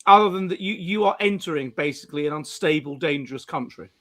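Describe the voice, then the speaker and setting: A middle-aged English man hosting a casual live-stream chat, animated, with frequent restarts and playful mimicry. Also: a little high, fast talker. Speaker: host.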